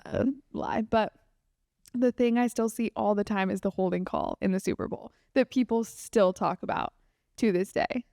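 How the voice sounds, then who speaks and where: A young woman from Colorado co-hosting a podcast in casual chat, animated and laughing often. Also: mid-range voice, moderate pace, creaky, no room sound, clean studio sound. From Colorado, USA. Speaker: podcast co-host.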